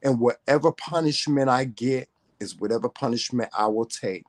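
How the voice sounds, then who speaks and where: A man's voice: mid-range voice, normal speed. A man vlogging to camera, telling a story in a profane, confrontational rant full of emphatic repetition.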